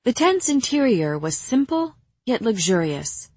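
A woman reading a novel aloud in first person, with measured, even storytelling. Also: fairly high pitch, dry recording. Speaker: audiobook narrator. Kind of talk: scripted first-person narration.

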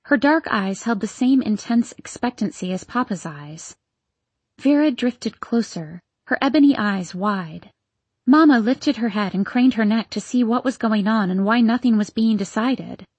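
Expressive woman narrating a story. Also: fairly high pitch, unhurried, breathy edge, dry recording. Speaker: audiobook narrator. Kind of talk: scripted first-person story narration.

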